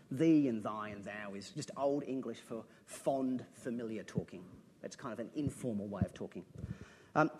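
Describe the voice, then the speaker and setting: A man's voice: mid-range voice, animated, moderate pace, fairly bright tone, slightly rough. A man preaching a sermon, earnest and conversational, breaking from dramatic readings into plain asides to his listeners.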